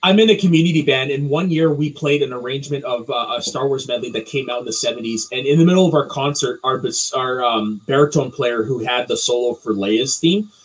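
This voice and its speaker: A man co-hosting a casual panel chat, telling animated stories. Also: medium pitch, fairly quick, hardly any pauses, breathy edge, rough recording. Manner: animated storyteller.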